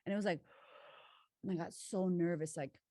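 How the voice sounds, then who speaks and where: Woman coach, outspoken and expressive, frequent swearing, dry recording. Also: lowish voice, moderate pace, no room sound. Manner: swears freely, emphatic and expressive storytelling. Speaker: guest, confidence coach. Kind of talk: candid casual conversation.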